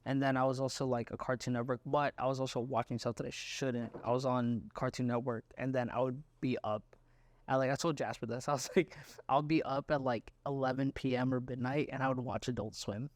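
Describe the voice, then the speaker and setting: A man's voice: mid-range voice, steady tone, fairly quick, no echo. A young man co-hosting a podcast in casual chat, loose and laughing, full of fillers and restarts. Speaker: podcast co-host.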